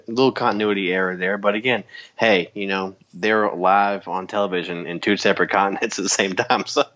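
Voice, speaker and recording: Casting: male podcast co-host, lower voice, animated rants, muffled lo-fi audio. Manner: animated ranting, laughs often. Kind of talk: casual chat. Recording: dull lo-fi sound.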